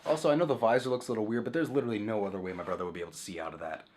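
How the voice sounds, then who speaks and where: A man's voice: on the low side, rapid-fire, darkish tone, slight background noise. A young man vlogging casually at home, rambling and sidetracking, swearing often and acting out sound effects.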